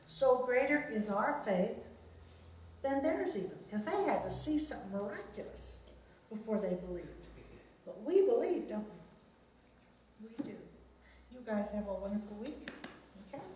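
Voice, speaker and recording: A woman leading a children's sermon, reading a Bible story and gently asking the children questions. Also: mid-range voice, sing-song, normal speed, pauses often, recorded from a distance, a little hiss or hum. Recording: very echoey room.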